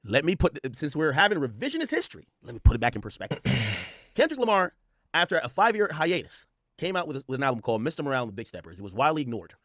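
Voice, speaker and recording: A man's voice: a little high, wildly swooping pitch, racing, a bit bright, dry recording, studio quality. A man hosting a reaction commentary, ranting with profanity and repeating his points for emphasis. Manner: repetitive, emphatic. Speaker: host.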